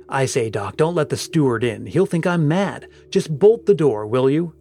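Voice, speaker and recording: A man's voice: medium pitch, expressive, normal speed, mellow, slightly rough, soft background music. A man voicing a haunted, feverish old ship captain who gasps out urgent words and sinks to murmurs. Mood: hushed, pleading.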